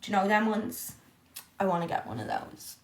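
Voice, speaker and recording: A young woman chatting casually on a live stream from her living room, reading and answering viewer comments, candid and quick to swear. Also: mid-range voice, big pitch swings.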